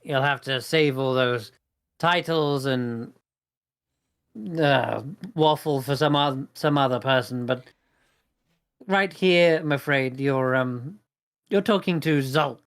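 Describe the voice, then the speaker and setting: A man voicing a gruff, hard-of-hearing goblin stage manager who shouts. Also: mid-range voice, slow pace. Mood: brusque. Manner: loud, brusque, then humbled.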